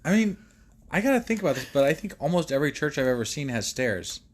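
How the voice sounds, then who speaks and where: A man's voice: fairly high pitch, sing-song, fast talker. Joking man podcast co-host. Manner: joking, irreverent banter. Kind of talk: casual chat.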